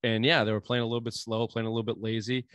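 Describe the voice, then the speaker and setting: A man's voice: medium pitch, level tone, rapid-fire, fairly bright tone, no echo. A man with a New England accent, co-hosting a casual sports podcast and talking in a rambling, profane way with many fillers.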